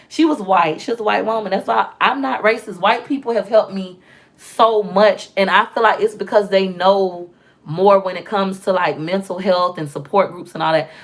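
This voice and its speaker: Candid, animated woman vlogger. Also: medium pitch. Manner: candid and animated, acts out quoted voices. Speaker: vlogger and mother. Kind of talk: casual storytelling vlog.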